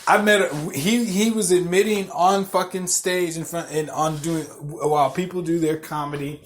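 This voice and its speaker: A man's voice: a little high, steady tone, normal speed. Profane, worked-up man ranting on a podcast. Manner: swears constantly, repeats phrases, gets loud and worked up. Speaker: podcast host. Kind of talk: profane storytelling rant.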